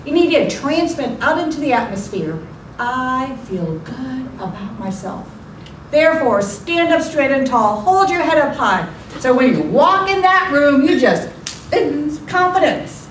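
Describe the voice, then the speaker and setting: A woman's voice: high voice, animated, normal speed. A woman in her forties giving a motivational contest speech with a theatrical, emphatic delivery. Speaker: contest speaker. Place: club meeting room. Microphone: far room mic. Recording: echoey room from far off, noisy.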